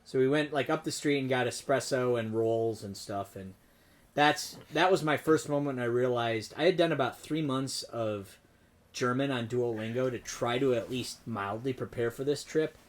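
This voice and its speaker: A man's voice: medium pitch, moderate pace. A man in a band's podcast, chatting casually about a trip with a wry, self-deprecating manner. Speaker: band member on a podcast. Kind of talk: casual chat.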